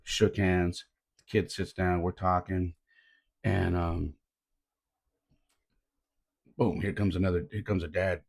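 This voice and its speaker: Coach guy on his podcast, husky low voice, chill and earnest, keeps saying man. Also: little pitch movement, slow, pauses often. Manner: laid-back, says "man" often, earnest. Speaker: youth baseball coach and podcast host. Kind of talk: casual reflective storytelling.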